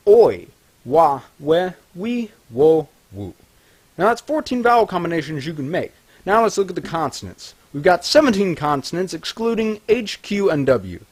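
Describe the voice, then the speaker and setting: A man narrating a language tutorial, scripted and deliberate, slowing down to enunciate example sounds clearly. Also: on the high side. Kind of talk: scripted instructional voice-over.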